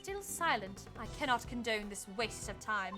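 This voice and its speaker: A woman's voice: on the high side, sing-song, moderate pace, bright, forceful tone, soft background music. A woman voicing a stern female chief prosecutor who speaks in a cold, clipped, threatening way.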